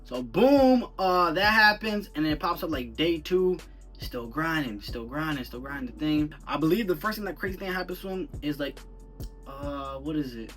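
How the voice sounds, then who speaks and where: A young man reviews a film in a loose, rambling rant thick with slang, sounding animated and incredulous. His voice is bright and forceful. He sits a bit back from the mic, with faint music underneath. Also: a little high, moderate pace, recorded from a distance. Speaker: movie reviewer. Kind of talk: casual movie review rant.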